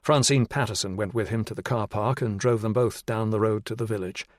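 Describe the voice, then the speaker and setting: A man narrating a thriller audiobook in a measured, even manner on a close studio mic. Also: on the low side, no echo. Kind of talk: scripted narration.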